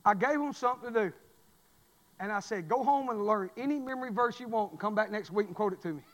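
A high-pitched man preaches in a church, his voice trailing off in a long hall reverb. He tells folksy stories and swings from quiet asides up to loud shouted refrains. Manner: folksy, storytelling, rising to shouts. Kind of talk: sermon. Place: church sanctuary.

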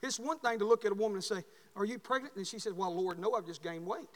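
A man preaching a sermon as pastor, telling folksy stories and building to shouted calls. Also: sits high, fast talker. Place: church sanctuary. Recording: long hall reverb.

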